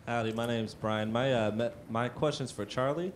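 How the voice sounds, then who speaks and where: A man's voice: medium pitch, moderate pace, a little hiss or hum. A man in the audience tentatively asking a panelist a question. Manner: hesitant, tentative. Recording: distant in a roomy hall.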